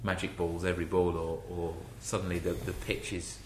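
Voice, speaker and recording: A man's voice: low voice, flat delivery, normal speed, reverberant, very noisy. An English man hosting a casual chat, rambling with many restarts. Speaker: podcast host.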